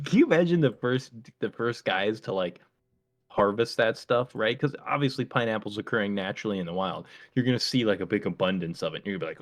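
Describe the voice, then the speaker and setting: A man co-hosting a casual podcast, riffing on odd facts with jokes and quick comic bits. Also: on the low side. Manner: riffs with comic bits and acted-out voices, laughs often. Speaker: podcast co-host. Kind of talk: casual chat.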